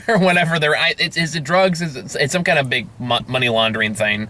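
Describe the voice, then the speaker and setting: A man's voice: fairly high pitch, animated, fast talker, sharp tone. A man reviewing a movie in casual chat, rambling and swearing freely, laughing often.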